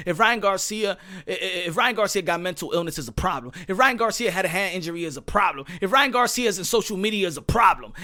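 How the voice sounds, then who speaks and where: A man's voice: high voice, sharp tone. An American man hosting a boxing channel, ranting in a heated, profane monologue full of repeated rhetorical questions. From United States.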